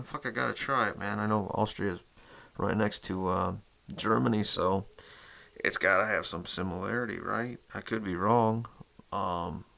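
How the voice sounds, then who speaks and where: Gravelly, heavily cursing casual male host. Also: deep voice, bright, forceful tone. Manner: rambling, swears constantly, many fillers. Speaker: host of a metal music channel. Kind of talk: casual chat to camera.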